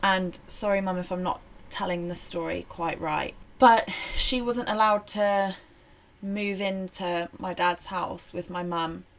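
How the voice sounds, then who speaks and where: A woman co-hosting a casual podcast, relaxed and giggly as she tells a family story. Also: lowish voice, measured pace. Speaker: podcast co-host.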